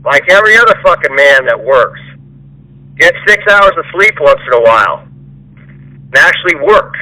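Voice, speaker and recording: A man's voice: fairly high pitch, sing-song, moderate pace, pushed and bright, no echo. A man on a recorded phone call, lecturing the person who works for him in an angry, profane rant. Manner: profane, ranting, mocks the listener in whiny voices. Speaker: employer.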